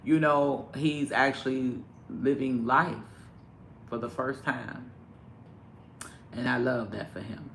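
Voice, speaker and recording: A man vlogging in casual chat at home, animated and profane, with sudden loud outbursts. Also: mid-range voice, creaky, reverberant, slight background noise. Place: home indoors with pets.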